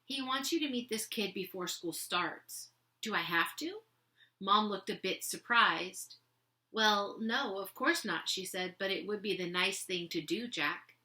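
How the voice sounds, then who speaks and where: A woman's voice: medium pitch, measured pace, sharp tone. A woman reading a children's novel aloud to listeners, with casual, chatty asides between passages.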